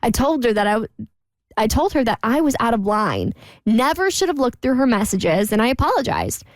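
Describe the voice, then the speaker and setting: A woman co-hosting a radio talk show, reading a listener's letter aloud in a lively, chatty way. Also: fairly high pitch, fairly quick, no room sound. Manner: lively, chatty, laughs between lines.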